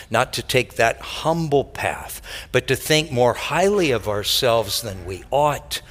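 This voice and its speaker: A man preaching a sermon as pastor, rising to loud high peaks and dropping to soft low asides. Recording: hall reverb.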